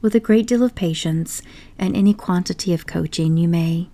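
A woman's voice: on the low side, moderate pace, warm tone, lightly acted. A woman voicing a stubborn, dry-mannered male water rat in an audiobook story. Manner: dry, dogged.

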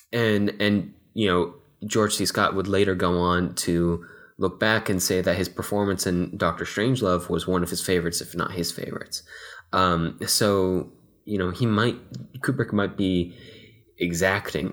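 A man's voice: sits low, fairly even intonation, measured pace, a bit bright. A young man who grew up in Texas, co-hosting a casual film podcast, rambling with lots of fillers and restarts. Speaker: podcast co-host.

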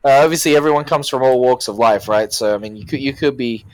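A man from Australia with an Australian accent, talking about games in an animated, rambling casual chat with lots of fillers. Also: mid-range voice, quick pace, no echo.

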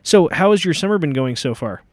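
Guy hosting a spoof news radio show, kinda high voice, reads like a newscaster. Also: expressive, a little fast, darkish tone, no echo, clean studio sound. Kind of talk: comedy news radio parody.

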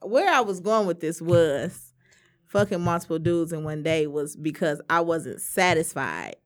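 A woman's voice: sits low, lively intonation, measured pace. A woman in her thirties co-hosting a podcast, telling blunt, frank stories with slang in casual chat. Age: 30s. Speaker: podcast co-host.

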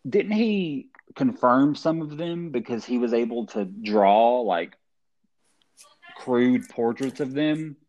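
A man's voice: mid-range voice, lively intonation, slow, darkish tone. A man co-hosting a casual true-crime podcast, thinking aloud and hesitating. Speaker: podcast co-host.

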